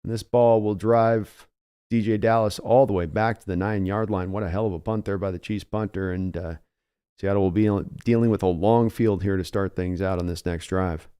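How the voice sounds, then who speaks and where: A man's voice: low voice, steady tone, moderate pace, mellow, clear, resonant tone. A man giving fan play-by-play commentary on a live game, talking conversationally with his early morning voice and climbing in energy when a big play breaks. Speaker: live reaction host.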